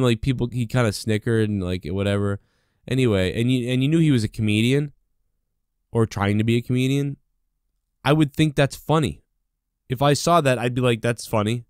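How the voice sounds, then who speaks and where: A man's voice: mid-range voice, darkish tone, no echo, clean studio sound. A man hosting his own podcast, ranting alone in a rambling, indignant way, with constant fillers and swearing. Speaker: podcast host. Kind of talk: solo rant.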